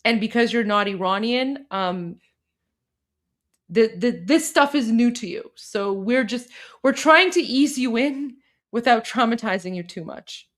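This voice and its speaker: A young woman from Iran hosts a casual livestream chat. She talks loosely, with plenty of fillers and restarts. Her voice sits fairly high. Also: measured pace, fairly bright tone. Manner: chatty, with frequent fillers and restarts. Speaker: livestream host.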